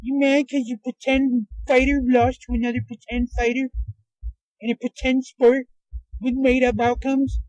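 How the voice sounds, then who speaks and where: A man's voice: very high-pitched, little pitch movement, moderate pace, a little mellow, no echo, voice pushed up, rough recording. A man doing a smug sneering internet troll. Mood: taunting. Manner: taunting, sing-song. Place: inside a moving car.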